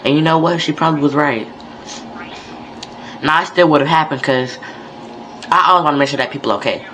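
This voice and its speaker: A man's voice: on the high side, brisk, bright, forceful tone, slight background noise, low-quality recording. A young man from North Carolina, telling a story in a laid-back, conversational vlog style. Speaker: vlogger.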